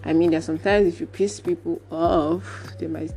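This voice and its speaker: A woman's voice: on the low side, fairly even intonation, normal speed, creaky, warm tone, soft background music. A woman with a Nigerian accent hosting a solo podcast, ranting emphatically and repeating her points for stress. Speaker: podcast host.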